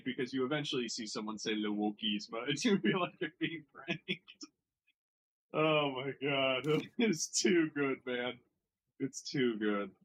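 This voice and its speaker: Sarcastic American man with lively pitch. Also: slight background noise, rough recording. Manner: sarcastic, laughing, mock French pronunciations. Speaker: streamer reacting to posts. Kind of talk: casual commentary.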